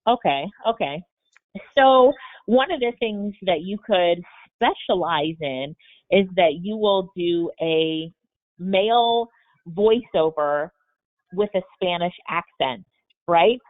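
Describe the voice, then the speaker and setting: A woman's voice: on the low side, slow pace. A woman hosting a live Q&A coaching session on a video call, upbeat and motivational. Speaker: webinar host. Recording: tinny phone-like webinar audio.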